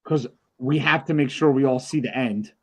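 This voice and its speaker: A man's voice: mid-range voice, moderate pace, noisy background. A man on a podcast telling a long personal story in casual chat, acting out the voices in it and swearing freely. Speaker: podcast co-host.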